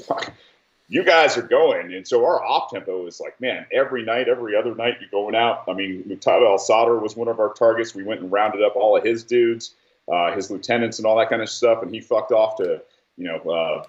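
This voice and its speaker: A man's voice: on the low side, fairly quick. A man in his thirties hosting a podcast, talking casually in heated, profane stories. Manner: heated, profane storytelling with exaggerated quotes. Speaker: podcast host, military veteran. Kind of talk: casual chat. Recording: roomy, distant, dull-sounding mic.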